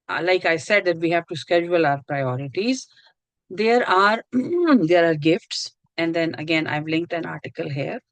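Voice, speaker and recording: A woman's voice: mid-range voice, no room sound, low-quality recording. Earnest woman lecturing on a video call. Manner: earnest, repeats and restarts phrases. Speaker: course instructor. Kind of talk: online lecture.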